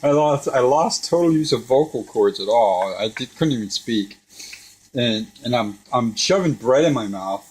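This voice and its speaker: A man's voice: medium pitch, moderate pace, a little hiss or hum. A middle-aged man cooking at home with his son, chatting casually and telling a story with lots of laughs. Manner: chatty, animated storyteller who laughs often. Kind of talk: casual kitchen chat. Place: home kitchen beside a deep fryer.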